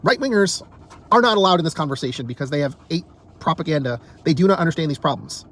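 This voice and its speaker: Man, high-pitched, heated monologue vlogger; fed-up, profane, restarts words when worked up. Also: lively intonation, quick pace, fairly bright tone. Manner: angry, exasperated, swears often. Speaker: political commentator. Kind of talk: heated political rant to camera.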